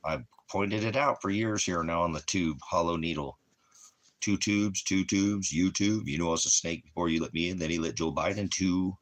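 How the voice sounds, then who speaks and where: A man running an internet ministry channel delivers a rambling online monologue that keeps wandering into jokes he laughs at himself. He speaks at a moderate pace in a low voice.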